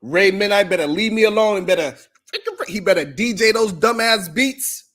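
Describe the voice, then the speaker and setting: A podcast host delivers a mocking roast monologue at a normal speed. His voice swings between loud shouts and low mutters.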